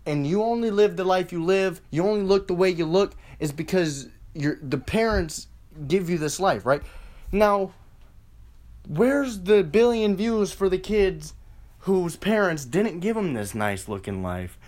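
A man's voice: sits high, lively intonation, measured pace, a little mellow. Guy ranting solo on his podcast, swears a ton, rambles, sarcastic. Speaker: podcast host.

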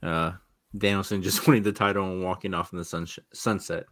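A man's voice: low-pitched, steady tone, brisk, a bit bright, slight background noise. A man co-hosting a casual wrestling chat, rambling nostalgically and chuckling as he talks. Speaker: co-host.

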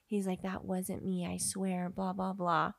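Young woman, casual chat, animated storyteller, acts out quotes, dry close sound. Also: fairly low pitch, measured pace, creaky, no echo.

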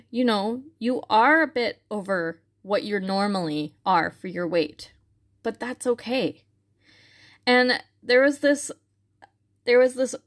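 A young woman telling a personal faith story in a casual, earnest way, with many fillers and restarts. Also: mid-range voice. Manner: earnest and reflective.

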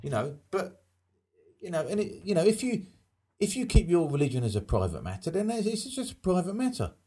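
A man's voice: sits high, very animated, fairly quick, dark tone, breathy edge. A man talking in a casual chat, emphatic and opinionated.

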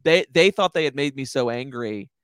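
A man's voice: medium pitch, animated, normal speed, fairly bright tone, clear, resonant tone, no echo. Young comedian guy rambling through a story, swears a lot, dry close sound. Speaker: stand-up comedian. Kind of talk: casual podcast chat.

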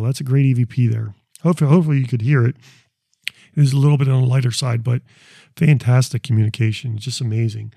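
Gravelly, dark-voiced man talking casually. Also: medium pitch, no echo, studio quality. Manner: rambling, repeats words, restarts often. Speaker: paranormal investigator presenting recordings. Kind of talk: casual explanatory talk.

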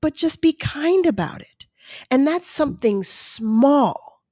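A woman's voice: high voice, animated, slow, mellow, no echo. Chatty woman podcaster, close and dry. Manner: chatty, self-deprecating, acts out her own inner voice. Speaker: podcast host. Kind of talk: casual solo podcast talk.

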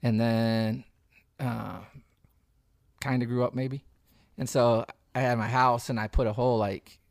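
A man's voice: medium pitch, flat delivery, measured pace, creaky, no echo, clean studio sound. Laid-back man recalling stories. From Ohio. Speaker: musician guest. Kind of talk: casual podcast chat.

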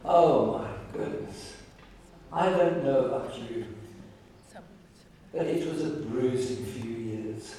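A man preaching a sermon as pastor, telling stories in a warm, emotional way with halting restarts and repeated words. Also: mid-range voice, a little hiss or hum. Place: large church hall. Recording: echoey hall, voice from far off.

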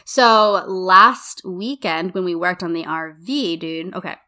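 Bright-voiced young woman telling a story. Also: fairly low pitch, slow pace. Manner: animated storyteller, acts out quotes, says "like" a lot. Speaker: podcast co-host. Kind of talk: casual chat.

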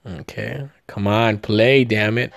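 Man, podcast host, excited jokey chatter, swears a lot, dry close sound. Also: on the low side, slow, vocal fry, no echo. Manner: excited, jokey, profane, stumbling over words. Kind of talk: casual trailer breakdown chat.

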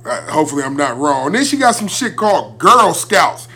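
A man's voice: fairly high pitch, big pitch swings, normal speed, pushed and bright, breathy edge, soft background music. A middle-aged man co-hosting a casual podcast chat, profane and joking in a drawling way. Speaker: podcast co-host.

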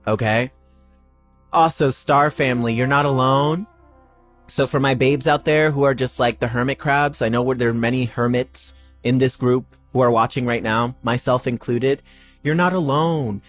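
A man's voice: mid-range voice, moderate pace, faint music behind. A man hosting a spiritual podcast, talking casually and emphatically, repeating phrases and swearing freely. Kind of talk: casual spiritual pep talk.

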